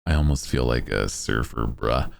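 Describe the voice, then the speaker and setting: A man's voice: a bass voice, moderate pace, creaky, slight background noise. A man streamer chatting casually and rambling, laughing often and swearing freely, into a desk microphone. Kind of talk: casual livestream chat.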